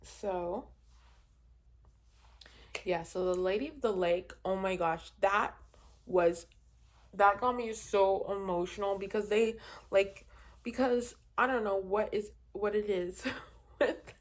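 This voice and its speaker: A woman's voice: mid-range voice, slow, long pauses. A young woman chatting casually as a book vlogger, rambling with many fillers and laughs, and easily exasperated. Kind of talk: casual reading wrap-up chat.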